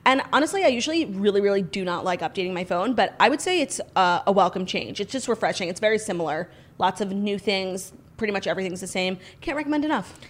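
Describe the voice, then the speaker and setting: A woman's voice: medium pitch, quick pace, few pauses. A young woman co-hosting a podcast, chatting casually with lots of "like" and "um" fillers. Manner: chatty, many likes and ums. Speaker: podcast co-host. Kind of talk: casual chat.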